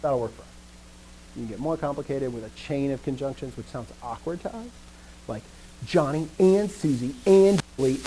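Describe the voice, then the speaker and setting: A man teaching a live grammar lesson, explaining step by step, often answering students with quick affirmations and dry joking asides. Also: mid-range voice, background noise. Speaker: language teacher.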